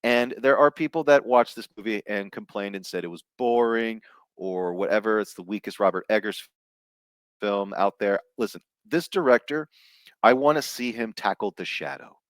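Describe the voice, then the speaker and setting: A man's voice: fairly low pitch, moderate pace, no room sound. A man giving a rambling, frank, casual film review, with laughs and fillers along the way. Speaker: vlogger reviewing films. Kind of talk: casual rant to camera.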